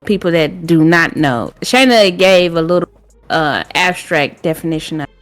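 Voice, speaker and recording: A woman co-hosting a podcast in casual chat, lively and quick to agree, sometimes laying out definitions. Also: fairly low pitch, faint music behind. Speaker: podcast co-host.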